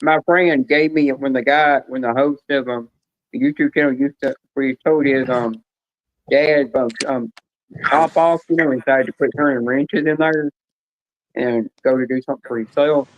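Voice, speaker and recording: A man's voice: mid-range voice, steady tone, normal speed, no echo, lo-fi sound. A man chatting casually on a live stream panel, telling rambling joking stories full of fillers.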